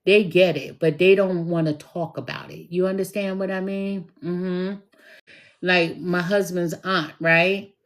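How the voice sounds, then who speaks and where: Slow, low-voiced woman telling stories. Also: fairly even intonation. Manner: chatty, retells dialogue, frequent fillers. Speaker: tarot reader. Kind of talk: casual storytelling monologue.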